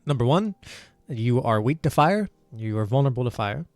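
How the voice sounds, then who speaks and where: A man's voice: mid-range voice, animated, normal speed, darkish tone, dry recording. A man acting as game master, explaining game rules in a loose, casual way with many fillers. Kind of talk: casual tabletop game narration.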